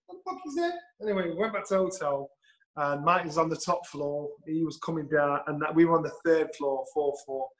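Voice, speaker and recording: A middle-aged man, telling a story in an animated way, swearing and acting out the lines he quotes. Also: fairly high pitch, low-quality recording. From England. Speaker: guest storyteller. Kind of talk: anecdotal storytelling.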